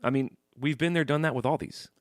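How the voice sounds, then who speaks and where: A man's voice: medium pitch, brisk, no room sound, studio quality. A man co-hosting a casual podcast, joking around and reading fan messages aloud. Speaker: podcast co-host.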